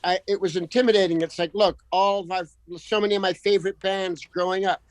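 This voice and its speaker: A man's voice: high voice, steady tone, fairly quick, very noisy. A man guest on a radio show, talking earnestly and passionately, piling phrase upon phrase. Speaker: musician guest. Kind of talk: casual radio interview. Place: radio studio. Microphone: studio microphone.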